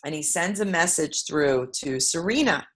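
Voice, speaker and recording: Lowish-voiced brooklyn woman telling a story as a guest, animated, loud then hushed. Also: normal speed. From Brooklyn, New York. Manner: expressive, swings between loud emphasis and hushed asides. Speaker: guest, author.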